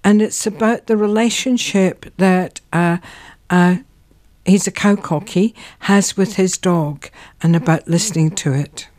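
A woman's voice: fairly low pitch, measured pace, a little mellow. A woman hosting a local history show, chatting casually and searching for words with the odd filler. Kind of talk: casual radio-style chat.

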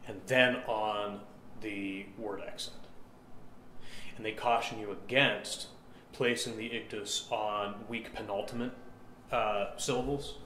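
A man with a lowish, somewhat bright voice gives an instructional explanation of chant rhythm, including sung examples. He counts beats aloud, proceeds step by step, and checks in with "right?" often, recorded in an echoey room with faint ambience and slight background noise.

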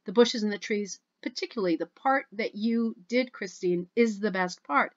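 With highs cut off in the audio, a woman's mid-range voice comes through at normal speed. She hosts a rug hooking club video at home, reading posts from social media and responding in an effusive, talkative manner.

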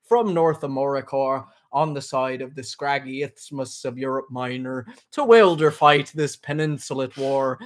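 A man's voice: medium pitch, normal speed, few pauses. A man speaking in a put-on Irish accent, playful and self-mocking, chatting and reading a book aloud. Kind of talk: jokey casual chat and slow read-aloud.

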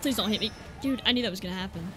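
A woman giving excitable gameplay commentary, yelping and cracking crude jokes. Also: mid-range voice, racing, over loud music. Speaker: gaming YouTuber.

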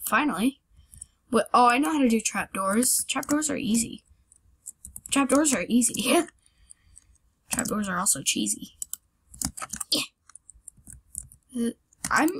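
A woman's voice: fairly high pitch, lively intonation, slow, long pauses, a bit bright, slightly rough. A young woman hosting her own channel, giving rambling, self-deprecating casual commentary on a parkour game and yelping at her fails, with keyboard clicks behind her. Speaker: gaming channel host.

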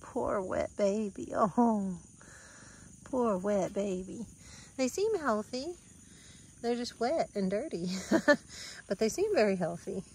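A Southern American woman filming herself outdoors, sweet-talking animals in a soft, cooing baby-talk voice. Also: medium pitch, slightly rough. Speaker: vlogger and mother on a family farm. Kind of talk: casual vlog, coaxing animals. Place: outdoors on a rural roadside.

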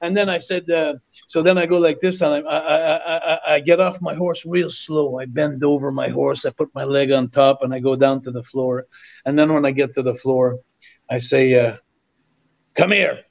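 A lively male storyteller from Canada who is a guest on a podcast, repeating phrases for emphasis. His voice sits high, and the recording is dull and lo-fi. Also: normal speed, vocal fry. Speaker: podcast guest, former wrestler. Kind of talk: animated storytelling. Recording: dull lo-fi audio.

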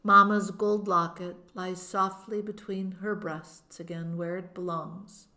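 A woman narrating a novel in first person as an audiobook, in a measured, expressive manner. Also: on the low side.

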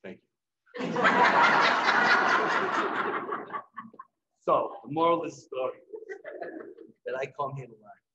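A middle-aged man giving a live painting demonstration, telling lively anecdotes and acting out what others said. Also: medium pitch, roomy sound, a little hiss or hum, low-quality recording. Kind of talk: storytelling during a live demonstration. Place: event hall.

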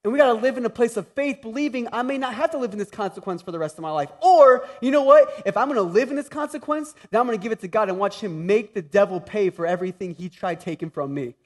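A young adult man preaching a sermon as pastor, animated, moving from loud exclaiming to a hushed tender tone. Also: sits high, quick pace, hardly any pauses.

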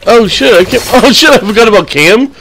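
A young man talks loosely over his game footage, drifting between match details and crude jokes. His voice sits a little high and has a rough, gravelly edge. The delivery is casual and offhand throughout. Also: expressive, a little fast, fairly bright tone, soft background music. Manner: rambling, crude joking banter. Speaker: gaming channel host. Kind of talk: casual gameplay commentary.

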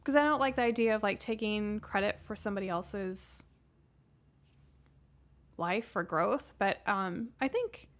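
Fielding questions from her livestream chat, this soft-spoken woman in her thirties keeps things casual, often hesitating and starting over. She has a mid-range voice, a measured pace, and frequent pauses.

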